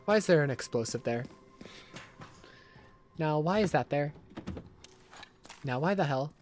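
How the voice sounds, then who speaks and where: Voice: mid-range voice, animated, a little slow, a little mellow, soft background music. A live game streamer commenting on gameplay, swearing freely, complaining dramatically and laughing often.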